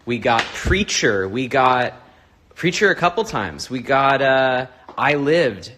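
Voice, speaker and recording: A man's voice: mid-range voice, expressive, takes it slowly, bright, forceful tone, a little hiss or hum. A man off camera, casually reading out viewer requests to the host. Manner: laid-back, reads off requests. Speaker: off-camera crew member reading comments. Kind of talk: casual chat.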